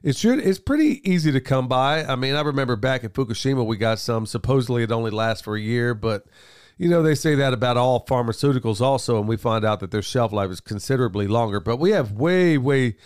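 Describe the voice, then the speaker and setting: A man's voice: mid-range voice, expressive, fairly quick, smooth. A man co-hosting a casual podcast with a stuffy, congested voice from a cold. He is folksy and talks straight to the listeners, calling them folks and y'all. He speaks into a studio mic. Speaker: podcast co-host, father. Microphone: studio mic with headphones.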